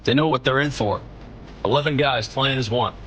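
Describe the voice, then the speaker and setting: A man's voice: medium pitch, normal speed, a bit bright, slight background noise. A man coaching a team through a rallying, emphatic locker-room pep talk, played as a clip.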